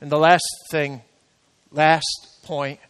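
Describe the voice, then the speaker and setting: A man preaching a sermon, rising to loud emphatic peaks and then dropping to quiet, intimate talk. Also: on the high side, little pitch movement, takes it slowly, smooth, long reverb tail. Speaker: pastor. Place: church sanctuary.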